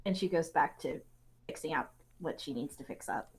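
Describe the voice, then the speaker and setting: A woman's voice: sits low, moderate pace, husky. A woman player in a tabletop game, narrating her character's actions hesitantly and trailing off. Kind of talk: casual tabletop play.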